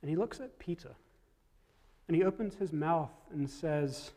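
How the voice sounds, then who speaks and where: A man preaching a storytelling sermon, reflective, dropping to soft tones at key moments. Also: a little high, animated, a little slow, long reverb tail.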